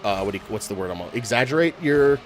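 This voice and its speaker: A man in casual voice chat during a game, loose and profane, working through his thoughts out loud. His voice sits in a middle pitch. A faint hum of noise runs behind him. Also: animated, fast talker. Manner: loose, profane, thinking aloud. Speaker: gamer chatting while playing.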